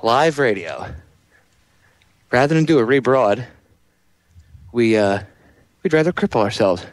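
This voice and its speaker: A man's voice: mid-range voice, big pitch swings, unhurried, no echo. A man hosting a live talk radio show, chatting loosely and addressing the listeners directly. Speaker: radio host.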